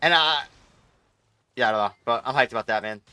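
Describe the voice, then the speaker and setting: A young man streaming live, commenting on his gameplay in an excitable, profane, rambling way. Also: medium pitch, brisk, smooth, dry recording.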